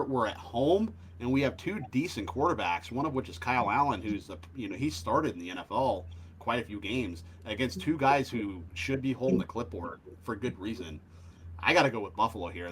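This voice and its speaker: A man's voice: fairly low pitch, slight background noise, low-quality recording. A man hosting a sports betting show, talking casually and animatedly with many fillers.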